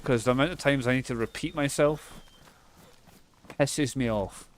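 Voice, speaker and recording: A man's voice: mid-range voice, normal speed, a little hiss or hum. A Scottish man live streaming a game, chatting casually and swearing freely as he thanks viewers. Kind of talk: casual gameplay chat.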